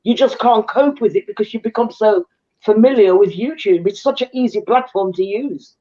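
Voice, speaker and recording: A woman's voice: medium pitch, normal speed, warm tone. Earnest woman on a dull, lo-fi line. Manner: earnest, opinionated, repeats points. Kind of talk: casual chat.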